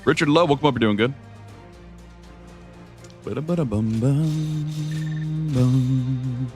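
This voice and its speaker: A man's voice: deep voice, fast. A man casually commentating his own gameplay on a live stream, rambling, swearing and chatting with viewers. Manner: relaxed, rambling, swears freely, talks to chat. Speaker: gaming streamer. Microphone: desk microphone. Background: game music.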